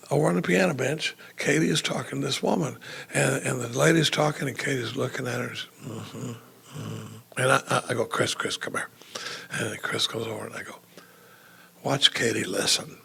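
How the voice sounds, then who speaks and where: A man speaking at a recovery retreat, telling a self-mocking story to a live audience with many restarts. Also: mid-range voice. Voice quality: gravelly, raspy. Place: retreat meeting room with audience.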